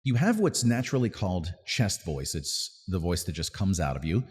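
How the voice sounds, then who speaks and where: Low-voiced man teaching singing. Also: very animated, normal speed, husky. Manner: pedantic, explains with sung demonstrations. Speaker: vocal coach. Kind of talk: casual vocal lesson. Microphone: close mic with added reverb at times.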